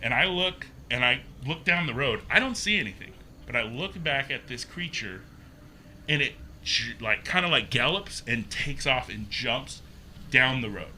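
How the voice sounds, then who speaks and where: A man speaks as a podcast guest in a loose, animated storytelling style. His voice is notably bright and sharp, at a middling pitch. He slips into the voices of the people he quotes and leans on casual fillers. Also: measured pace, a little hiss or hum. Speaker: podcast guest, haunted maze builder.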